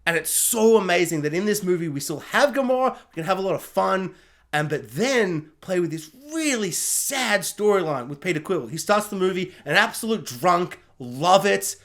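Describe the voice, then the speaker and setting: A film reviewer talks through a movie casually and chattily, full of asides and fillers, sometimes slipping into quick mock voices to act out characters. The voice is mid-range, animated, and fairly bright.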